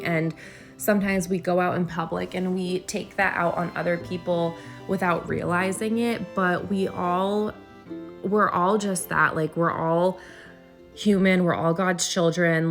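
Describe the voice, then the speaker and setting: A woman recording a casual voiceover at home, talking earnestly and rambling with frequent restarts. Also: lowish voice. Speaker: vlogger.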